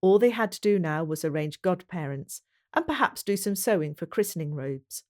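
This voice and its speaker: A woman reading a historical novel aloud as audiobook narrator, measured and even. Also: fairly low pitch. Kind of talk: storybook narration.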